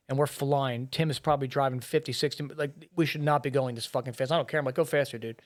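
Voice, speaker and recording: In a podcast interview, a middle-aged man who works as a firefighter and police officer tells a painful rescue story, blunt and full of swearing and filler words. His voice is medium-pitched with fairly even intonation, fast, with hardly any pauses.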